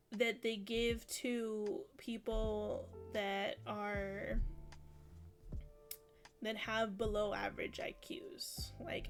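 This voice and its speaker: Woman, casual storyteller, slow, higher voice, acts out quotes. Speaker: streamer on an esports channel.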